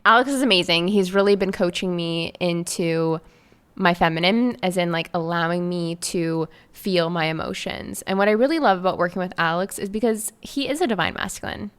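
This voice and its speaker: Young woman from Canada, podcast host, casual storytelling, chatty, filler-heavy, smooth clear tone, mid pitch. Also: fairly bright tone. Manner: chatty and effusive, many "like" fillers. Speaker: podcast host and life coach.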